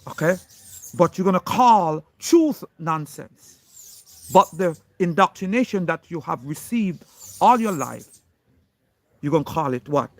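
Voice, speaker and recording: A man's voice: a little high, expressive, a little slow, no echo. A man delivering an impassioned monologue, emphatic and insistent, stressing single words as he speaks straight to a critic. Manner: preachy, addressing an unseen critic directly.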